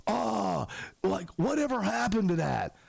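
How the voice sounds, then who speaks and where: A gushing, dim young fan guy with a high, shouty voice and sleepy surfer-style drawl, as a man puts him on. He swoops up and down and keeps saying "dude." The sound is dry and close. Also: big pitch swings, unhurried, creaky, breathy edge, dry recording, heavily acted.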